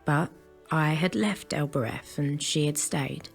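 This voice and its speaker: A man reading the inner narration of a young woman adventurer, quiet and reflective. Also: a little high, a little slow, gravelly, soft background music. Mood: wistful.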